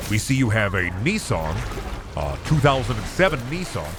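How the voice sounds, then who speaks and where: A man putting on a smooth telemarketer. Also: lowish voice, big pitch swings, moderate pace, over music, pitched below the performer's own voice. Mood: salesy. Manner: smooth rehearsed sales patter. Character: slick pushy male car-warranty telemarketer.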